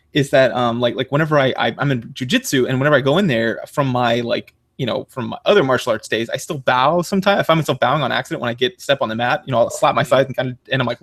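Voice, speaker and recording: A man's voice: medium pitch, a bit bright, no echo. A man hosting a podcast, chatting casually in a rambling, self-interrupting way and swearing now and then. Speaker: podcast host.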